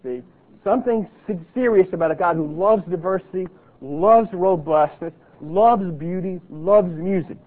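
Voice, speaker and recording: A middle-aged man teaching a Bible class, earnest, reading lists slowly and deliberately. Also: high voice. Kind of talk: classroom lecture. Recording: tinny lo-fi, phone-like sound.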